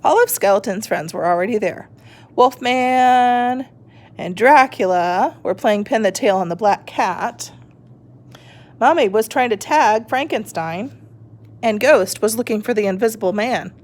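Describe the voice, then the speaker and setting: A woman reading a children's picture book aloud, slow and expressive. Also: a little high. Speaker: reader.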